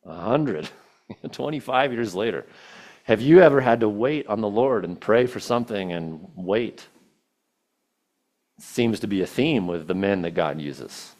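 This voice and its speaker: A man's voice: lowish voice, expressive, unhurried, a little mellow. A man preaching a sermon, retelling a scripture story with casual asides and quoted verses.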